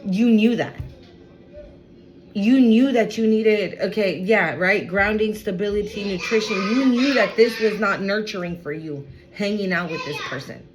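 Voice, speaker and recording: Speaking a little slowly in a medium pitch, this woman delivers a card reading to her audience, leaning hard on repetition and addressing everyone as y'all. The audio quality is poor.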